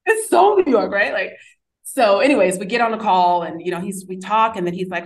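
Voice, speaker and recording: A woman in her thirties, a podcast guest, telling a personal story in a chatty, animated way with frequent fillers and laughs. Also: medium pitch, brisk. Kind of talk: casual storytelling.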